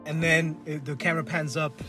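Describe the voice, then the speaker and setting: A man's voice: a little high, level tone, brisk, over music. A man co-hosting a casual podcast, retelling movie scenes and acting out lines, laughing and swearing as he goes. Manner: laughs often, acts out scenes in quoted voices. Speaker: podcast co-host. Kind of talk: casual chat, movie review. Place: collectibles shop.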